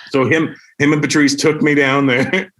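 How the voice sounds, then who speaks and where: Middle-aged man telling comedy anecdotes. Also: on the high side. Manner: animated, acts out other people's voices with laughs. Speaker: guest comedian. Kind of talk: casual storytelling anecdotes.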